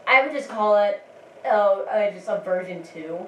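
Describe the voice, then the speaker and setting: A woman's voice: medium pitch, moderate pace, dull audio. A woman giving rambling, giggly commentary while playing a video game. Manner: rambling and giggly, with many restarts. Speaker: gameplay commentator. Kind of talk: casual let's-play commentary. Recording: roomy, distant mic, faint background noise.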